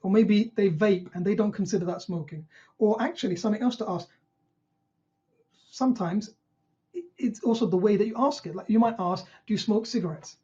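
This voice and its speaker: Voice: medium pitch, fairly quick, long pauses, mellow, highs cut off. A GP trainer teaching an online session, who asks rhetorical questions and acts out what patients might say.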